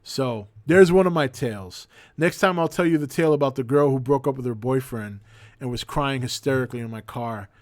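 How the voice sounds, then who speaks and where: A man in his forties hosting a livestream, telling an anecdote in a casual, profane, animated way. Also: mid-range voice, a little fast, no echo, studio quality. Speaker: host.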